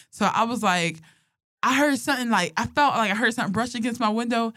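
A woman's voice: fairly high pitch, fast talker, no room sound, studio quality. A young woman telling funny personal stories in casual chat, laughing often and swearing freely. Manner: animated, laughing, profane storytelling.

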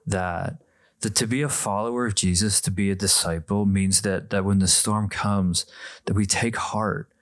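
A man co-hosting a podcast, reflecting on a Bible passage in a measured, thoughtful way. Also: fairly low pitch, fairly even intonation, no echo. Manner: measured, reflective, with frequent restarts. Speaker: podcast co-host. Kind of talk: casual Bible discussion.

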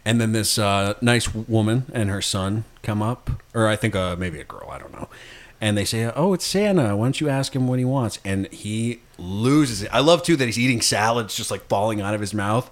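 A man's voice: lowish voice, normal speed. A young man hosting a casual chat, recapping a film scene by scene, swearing and laughing a lot. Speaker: podcast host.

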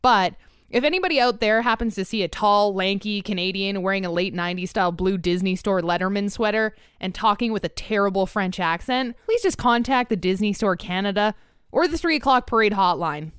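A woman doing comic mock-news field reports in a chatty, playful way. Her voice is smooth and clear, with dry, close sound. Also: medium pitch, fairly quick, fairly bright tone, dry recording. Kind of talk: comic in-character banter.

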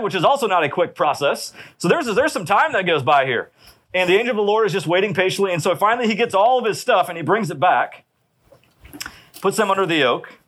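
A man's voice: a little high, fairly bright tone. A man preaching a sermon in a conversational way, often checking in with his listeners. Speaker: pastor.

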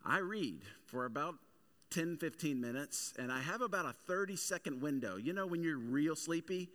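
Pastor guy preaching, kinda high bright voice, jokey storytelling then gets fired up. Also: animated, moderate pace. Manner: conversational storytelling with humor, building to emphatic preaching. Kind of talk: sermon.

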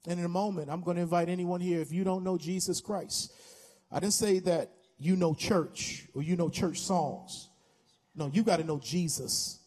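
An American pastor in his fifties preaches with passion in a church sanctuary, urging an altar call through repeated exhortations. His high voice has a dark tone, fairly even intonation, and a moderate pace.

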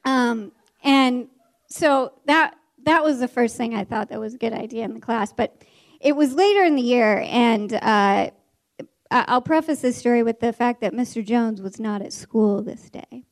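A woman teacher telling a story from her classroom to an audience, animated and laughing, with many restarts. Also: on the high side, normal speed. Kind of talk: stage storytelling.

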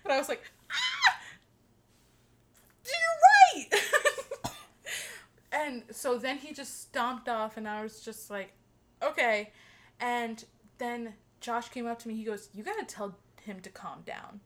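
A young woman casually telling a friend a story, animated, swearing freely and laughing as she talks. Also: fairly high pitch, moderate pace. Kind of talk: casual chat.

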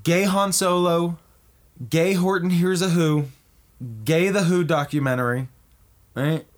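A man in comedic banter, pitching absurd movie ideas in an excitable, profane way and constantly asking "right?". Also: measured pace.

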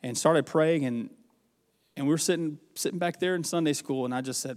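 A man's voice: fairly high pitch, fast, a little mellow, in a large hall. A man from the American South, preaching a farewell sermon in a church with an earnest, rambling, folksy storytelling manner. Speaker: pastor. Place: church sanctuary.

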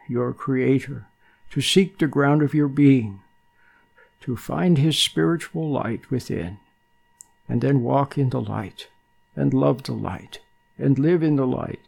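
Gravelly older man giving a gentle spiritual talk. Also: mid-range voice. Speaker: meditation teacher.

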